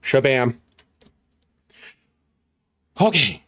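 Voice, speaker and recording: A man's voice: medium pitch, sing-song, slow pace, pauses often, no room sound, studio quality. A man streaming games, chatting casually, swearing freely and laughing in disbelief. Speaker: gaming streamer.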